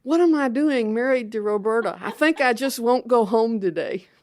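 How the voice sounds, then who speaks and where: A woman's voice: fairly high pitch, animated, normal speed, voice pushed up, natural voice. A woman voicing her imagined husband as he muses wistfully about leaving. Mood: musing. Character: imagined restless husband, middle-aged man.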